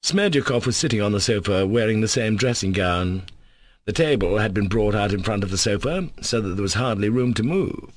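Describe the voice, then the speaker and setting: Male audiobook narrator, low pitch, dry close mic, measured steady delivery. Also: no echo. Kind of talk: scripted narration.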